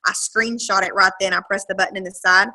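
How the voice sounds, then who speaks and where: A woman's voice: mid-range voice, fairly even intonation, fast talker, bright, forceful tone, low-quality recording. A woman, giving an emphatic, chatty coaching talk to her sales team over a video call. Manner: emphatic, chatty, acts out quoted dialogue. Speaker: direct-sales team leader.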